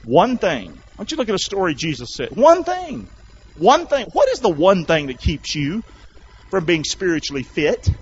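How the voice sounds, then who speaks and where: A male pastor preaching a sermon, calling out to the congregation and rising to shouts. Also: sits high, wildly swooping pitch, moderate pace, husky, muffled recording. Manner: loud call-and-response preaching, rising to shouts.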